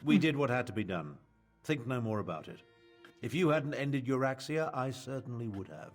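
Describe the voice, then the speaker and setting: An actor playing a serious male ally in a fantasy game, speaking in a measured, earnest way. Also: mid-range voice, lively intonation, faint music behind, lightly acted. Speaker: game character. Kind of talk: scripted game dialogue.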